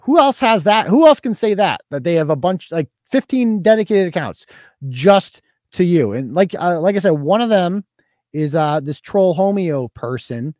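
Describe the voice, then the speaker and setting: A man's voice: high-pitched, expressive, normal speed, a little mellow, no room sound, studio quality. A man hosting a live weekend show, telling stories in a boastful, profane, offhand way. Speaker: host. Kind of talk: casual live-show chat.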